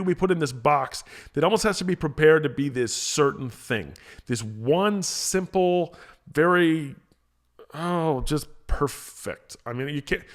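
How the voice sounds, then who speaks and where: A man hosting a motivational podcast, talking casually with energy, often repeating himself and restarting phrases. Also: on the high side. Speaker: podcast host, motivational speaker.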